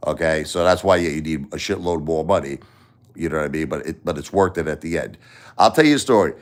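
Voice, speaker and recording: A man's voice: rumbling low, brisk. A middle-aged man with a Brooklyn accent hosting a casual livestream, rambling bluntly through stories and swearing freely. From Brooklyn, New York. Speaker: livestream host and musician.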